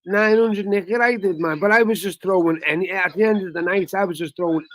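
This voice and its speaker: High-voiced rambling man, dry sound. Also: a little fast, no echo. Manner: rambling, repeats himself, "you know what I mean". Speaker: livestream co-host. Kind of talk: casual livestream chat.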